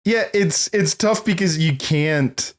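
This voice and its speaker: A man's voice: on the high side, slow. A man co-hosting a podcast, chatting casually and rambling through stories about films, laughing often. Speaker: podcast co-host.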